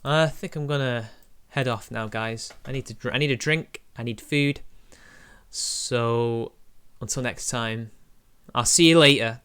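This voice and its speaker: A man's voice: medium pitch, measured pace, fairly bright tone, smooth. A young man, chatting on a live stream in a mocking, crude, laughing way. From Britain. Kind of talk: casual live-stream commentary.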